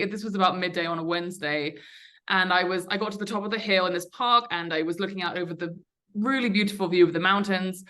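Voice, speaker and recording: Podcast guest, young woman, low-pitched and bright, candid and chatty. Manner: candid, chatty, many fillers and restarts. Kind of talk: conversational storytelling.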